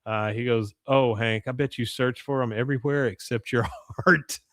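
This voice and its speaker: Man, podcast host, casual recap, quotes characters, laughs often, middle pitch, dry close sound. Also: fairly even intonation, moderate pace, a bit bright, dry recording. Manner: retells scenes quoting characters with laughs. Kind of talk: casual chat.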